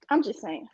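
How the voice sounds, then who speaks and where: A guest speaker on finances delivers an emphatic, preachy motivational talk, repeating her catchphrases, especially "you get what I'm saying." Her voice is fairly high and a little mellow with a breathy edge. The recording has no room sound and its highs are cut off.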